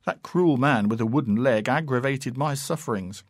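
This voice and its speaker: A man reading classic fiction aloud in a measured, unhurried and expressive way. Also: mid-range voice, no room sound. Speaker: narrator.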